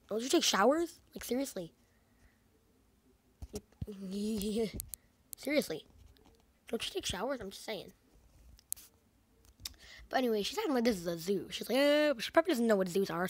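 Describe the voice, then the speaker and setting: A woman's voice: medium pitch, expressive, moderate pace, long pauses, slightly rough. A woman casually recapping a movie's plot, rambling with lots of fillers and sarcastic asides. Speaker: movie reviewer.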